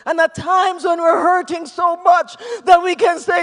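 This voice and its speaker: A man preaching a sermon with fervor, shouting in bursts and then dropping to hushed tones. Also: very high-pitched, fairly even intonation, measured pace, few pauses. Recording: long reverb of a large hall.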